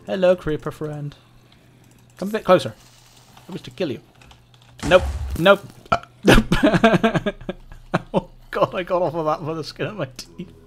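A man narrating his gameplay in an unhurried, drawn-out way, talking to the monsters on screen as if they were friends. He giggles often and lets out sudden high yelps when things go wrong. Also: breathy edge. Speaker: gameplay commentator. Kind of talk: casual let's-play commentary.

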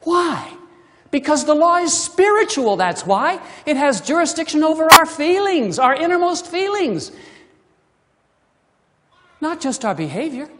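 A preacher delivering a sermon, with emphatic delivery and many rhetorical questions to the congregation, swinging between loud emphasis and hushed asides. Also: sits high, sing-song, a little slow, pauses often. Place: church sanctuary. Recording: long reverb of a church hall.

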